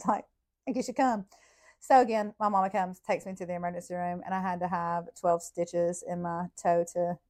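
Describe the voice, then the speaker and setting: A woman, a podcast host telling childhood stories in a blunt, profane, animated way. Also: on the low side. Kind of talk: casual storytelling.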